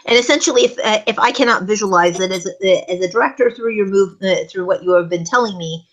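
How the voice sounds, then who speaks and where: A woman's voice: on the low side, fairly bright tone, rough recording. A woman co-hosting a casual talk show, explaining at length and acting out short script examples. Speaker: co-host.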